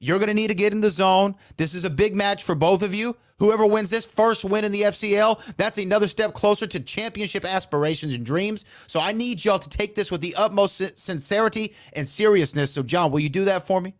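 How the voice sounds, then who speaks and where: A man's voice: sits high, fairly quick, few pauses. A man acting as league commissioner in a scripted comedic segment, placating and repeating himself.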